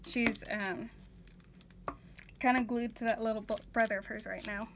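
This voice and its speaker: A woman's voice: a little high, steady tone, normal speed, background noise. A woman vlogger chatting casually while she paints, telling family stories with many fillers and restarts. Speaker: vlogger, art journaler.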